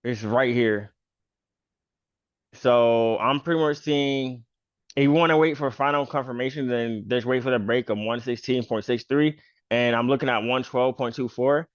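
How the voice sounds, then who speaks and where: Casual male trader host, mid-pitched and loose-spoken, dull, dry recording. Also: moderate pace, no room sound. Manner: loose, filler-heavy talk with "pretty much" and "bro". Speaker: stock trader and channel host. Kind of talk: casual chart walkthrough.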